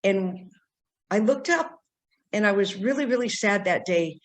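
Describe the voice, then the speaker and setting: An older woman from San Diego, a psychic medium telling her life story in an interview, animated and acting out the voices she quotes. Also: mid-range voice, measured pace. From San Diego, California.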